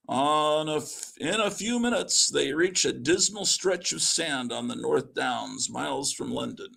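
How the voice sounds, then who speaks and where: A man reads a vintage comic book out loud in a relaxed, casual way, stopping now and then to comment. His voice is gravelly and a bit husky. It sits fairly high and moves a lot. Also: unhurried, hardly any pauses. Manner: reads along, breaking off for asides. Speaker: host reading vintage comics aloud.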